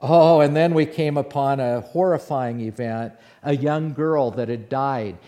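A man playing the apostle Peter in a first-person dramatic monologue, telling his story in an animated way that swings between hushed and loud. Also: medium pitch, measured pace, lightly acted. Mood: awed storytelling. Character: the apostle Peter, bold outspoken fisherman. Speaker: preacher in character.

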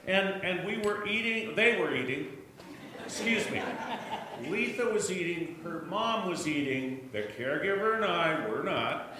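Man, church testimony, animated storyteller, boomy hall echo, faint hiss. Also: a little slow. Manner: storytelling, animated, joking asides. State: hard of hearing. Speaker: church speaker sharing a testimony. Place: church sanctuary. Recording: echoey church room, distant mic.

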